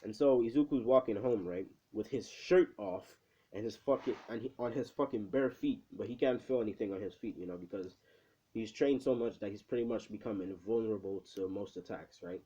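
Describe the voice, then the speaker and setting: A man's voice: lowish voice, a little fast, dark tone, husky, muffled recording. Laid-back young man, profane, rambling. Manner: rambling, profane, filler-heavy. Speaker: channel host. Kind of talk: casual storytelling of a fan what-if.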